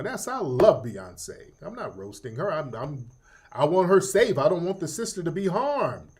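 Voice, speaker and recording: A man's voice: a little high, sing-song, normal speed. A middle-aged man hosting a casual livestream commentary, profane and joking, laughing often. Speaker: host.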